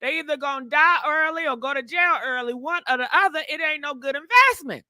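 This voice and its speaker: Sassy woman gossip host, high bright voice, dry close sound, chatty with viewers. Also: expressive, a little fast, no room sound. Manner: laughs often. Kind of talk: casual live-stream gossip chat.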